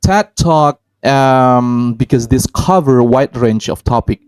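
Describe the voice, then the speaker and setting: Guy co-hosting a learning chat, hesitant, dark mellow voice, dry close sound. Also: medium pitch, takes it slowly, smooth, no room sound, low-quality recording. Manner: hesitant, many ums and restarts, models example phrases. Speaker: podcast co-host. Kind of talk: casual educational chat.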